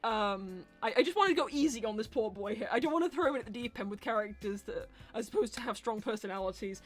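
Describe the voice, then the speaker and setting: Chatty, laughing woman host, high-pitched. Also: quick pace, faint music behind. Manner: chatty, laughs often, animated when indignant. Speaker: host of a live voice-acting show. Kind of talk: casual live-stream Q&A.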